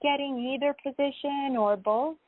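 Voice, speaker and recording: A woman caller from New York asks her question sweetly and politely. Her voice is high and light. The sound is tinny, like a phone line. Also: normal speed, no echo.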